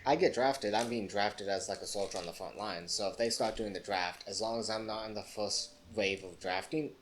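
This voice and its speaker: Young male cohost, low and dry, hesitant. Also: moderate pace, slight background noise. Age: young adult. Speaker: podcast co-host, engineering student. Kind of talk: casual chat.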